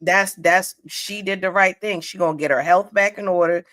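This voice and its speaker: A woman's voice: on the low side, steady tone, moderate pace, a bit bright. A woman with a DC-area accent, co-hosting a casual chat in a blunt, joking way. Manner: blunt, joking, laughs often.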